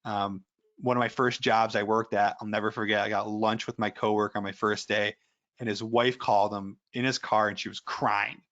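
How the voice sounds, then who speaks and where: A man's voice: fairly low pitch, level tone, normal speed, fairly bright tone, muffled recording. A man giving a casual webinar presentation as an ethical hacker, rambling through anecdotes with lots of fillers.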